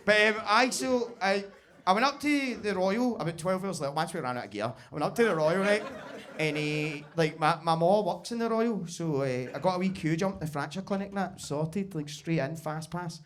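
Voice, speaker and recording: A young Scottish man with a fairly high voice compering a stand-up night in a basement club. He talks through a handheld mic, sweary and excitable, often cracking up at his own story. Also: normal speed. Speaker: comedy compere.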